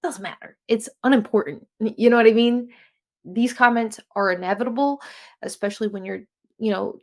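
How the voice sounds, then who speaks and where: A podcast host, a young woman with a New Jersey accent, talks through a casual self-help show in a slightly high, creaky voice. Her style rambles and chats along, often catching and correcting herself.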